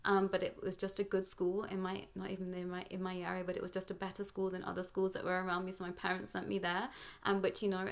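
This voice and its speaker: Brief: young British woman, spiritual vlog host, meandering and earnest, flat delivery with little melody. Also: fairly low pitch, fast talker, creaky. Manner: rambling, earnest, full of fillers. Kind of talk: personal spiritual monologue.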